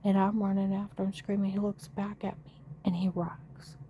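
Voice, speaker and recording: A woman's voice: mid-range voice, level tone, normal speed, mellow, a little hiss or hum. A middle-aged woman emotionally retelling a frightening family story, acting out the dialogue of the people involved. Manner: emotional, breathless retelling with frequent quoted dialogue. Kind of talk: personal testimony.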